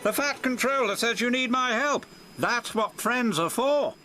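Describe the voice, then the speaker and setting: A man's voice: very high-pitched, expressive, unhurried, sharp tone, soft background music, voice pushed up, exaggerated voice. A man voicing a cheerful, confident male helicopter who talks in a breezy, self-assured way.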